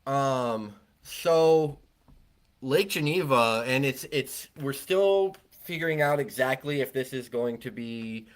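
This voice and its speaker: A man chats casually as a podcast co-host, with a voice of ordinary middle pitch. He rambles, restarts his sentences and keeps a relaxed, conversational flow. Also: slow. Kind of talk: casual chat.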